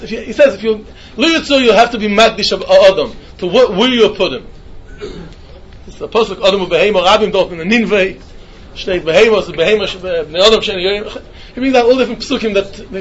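A man teaching a Talmud lesson in a yeshiva style, with an animated singsong delivery. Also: sits high. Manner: animated singsong, mixing Yiddish and Hebrew terms.

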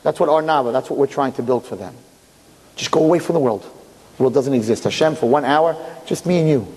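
A man, preaching and telling a story in an animated, emphatic way. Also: fast talker. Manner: animated, emphatic, rising to high pitch. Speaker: religious speaker. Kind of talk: sermon with storytelling. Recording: hall reverb, faint ambience.

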